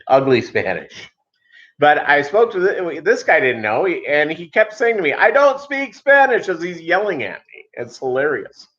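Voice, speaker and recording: A man's voice: medium pitch, fairly bright tone. Rambling man in casual live-stream chat. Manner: rambling, halting, many fillers and restarts. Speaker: channel host. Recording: dull lo-fi audio.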